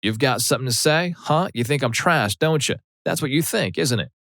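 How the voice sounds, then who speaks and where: A man voicing an older Southern mother who is hostile and melodramatic, with a shrill, high-pitched voice and a Southern US accent. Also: expressive, a little fast, a bit bright, no echo, studio quality. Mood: accusing. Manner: accusing, melodramatic.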